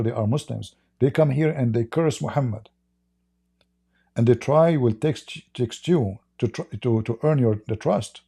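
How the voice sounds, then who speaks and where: A man's voice: medium pitch, creaky, warm tone, slightly rough. A man hosting a livestream, telling a story in a rambling way and acting out the quoted dialogue. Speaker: livestream host. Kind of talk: casual storytelling monologue.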